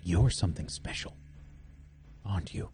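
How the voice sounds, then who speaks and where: A man voicing a cryptic male envoy of a secret order who asks slow, insistent, probing questions. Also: sits low, darkish tone, breathy edge, no echo.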